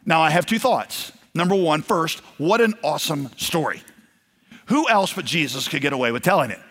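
A pastor with a fairly high, bright voice and lively intonation preaches at a moderate pace. His sermon is conversational, and he acts out the quoted voices in his stories. The recording carries a long hall reverb.

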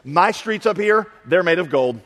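A man's voice: sits high, animated, normal speed, fairly bright tone. A man preaching who voices God as a playful, mock-scolding character in a reverberant hall. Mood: teasing. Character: God as a teasing, playful male voice.

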